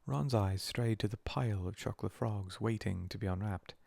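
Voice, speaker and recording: Man reading a storybook, whispered role-play, low pitch, gravelly, slow soothing delivery. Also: darkish tone. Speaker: narrator.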